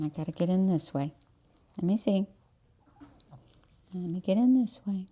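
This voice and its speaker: A woman's voice: lowish voice, moderate pace, long pauses, warm tone. A woman dog groomer explaining her technique while coaxing and praising the dog she is working on in a grooming salon. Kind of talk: instructional grooming demo.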